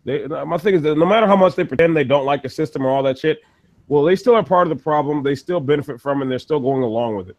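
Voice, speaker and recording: Casual podcast co-host, high-pitched man, swears freely while ranting. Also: fast talker. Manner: profane, ranting, laughs often. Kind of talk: casual chat.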